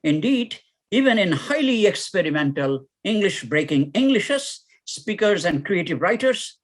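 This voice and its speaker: A man giving a plenary academic lecture, reading a poem aloud dramatically with shouted refrains. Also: sits high, big pitch swings, a little slow. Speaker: plenary speaker.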